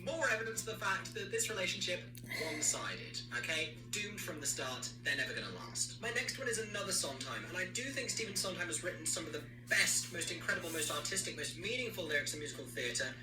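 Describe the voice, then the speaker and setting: A man's voice: sits high, fast, hardly any pauses. Sarcastic man, roomy distant sound. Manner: sarcastic, animated, mimics characters mid-sentence. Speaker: podcast host. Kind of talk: opinionated casual commentary. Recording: roomy echo, distant mic, music behind.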